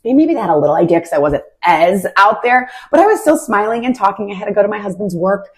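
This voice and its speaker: A woman's voice: mid-range voice, animated, fast, slightly rough. A young adult woman sharing a heartfelt personal faith testimony in a casual way, with many "like" fillers. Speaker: Christian podcast host.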